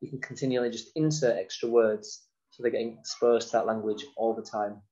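A man explains early reading skills to parents in a patient, instructional tone. He stretches out sounds and repeats words slowly to demonstrate them. The recording is dull and lo-fi. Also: medium pitch, steady tone, noisy background. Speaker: nursery teacher.

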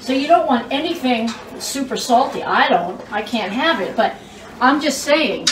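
A woman with a high-sitting, expressive voice hosts a home cooking show at a moderate pace, chatting and exclaiming in her kitchen and squealing when the food turns out well. The casual demonstration is recorded in a roomy space with a distant mic and background hiss.

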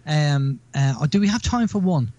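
A man's voice: fairly high pitch, expressive, moderate pace, darkish tone, no echo, lo-fi sound. A man hosting a radio show, chatting casually and rambling through stories with repeated words.

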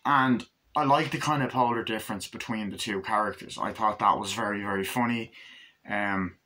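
A man's voice: lowish voice, normal speed, pushed and bright. A man casually reviewing a film for his vlog, enthusiastic and swearing freely as he acts out scenes. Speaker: movie reviewer.

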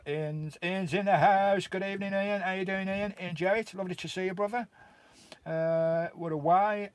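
A man's voice: a little high, a little mellow, no room sound. Chatty Welsh man, dry close sound. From Wales. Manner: chatty and matey, calls viewers mate and bro. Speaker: vlogger hosting a live stream. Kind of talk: casual live-stream chat, greeting viewers. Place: inside his camper van in a remote valley.

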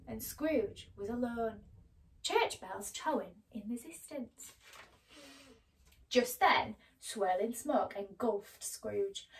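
A woman reads a children's story aloud with gentle, expressive pacing. Her voice sits somewhat high for a woman. It sounds a little distant from the mic. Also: gravelly.

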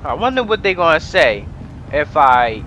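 A young man casually commenting on his own gameplay, rambling and profane, breaking into excited shouts. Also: fairly high pitch, normal speed, lo-fi sound. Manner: rambling, profane, bursts into excited yelling and laughter. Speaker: gamer narrating his gameplay. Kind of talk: casual let's-play commentary. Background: game music and sounds.

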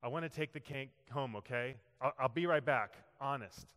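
Timid, shaken woman, soft and halting, voiced by a male preacher, bright tone, hall reverb. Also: medium pitch, close to an everyday voice. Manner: hesitant, halting, quiet. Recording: long reverb of a large hall.

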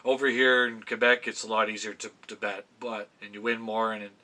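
A fairly low, level, sharp-toned male voice moves fairly quickly. He's a middle-aged vlogger giving NFL picks from a home room with fan memorabilia, rambling chattily to camera, swearing casually and repeatedly interrupting and restarting himself.

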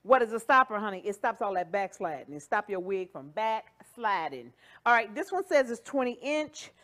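With a sing-song, mid-range voice that's a bit bright, a woman talks at normal speed while demonstrating wigs on a livestream. She's the wig shop's host: chatty and playful, singing, joking, and firing off hype catchphrases to cheer viewers on.

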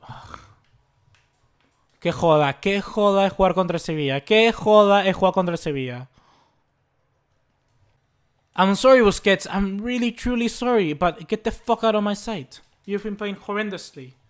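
A young man commentates his own game with a high, bright voice. He is excitable and quick to curse, often yelling straight at the screen. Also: smooth. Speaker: gaming YouTuber.

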